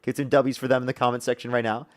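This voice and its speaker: A man's voice: mid-range voice, flat delivery, very fast, dry recording. A male livestream host arguing in a debate, combative and profane, then thanking donors.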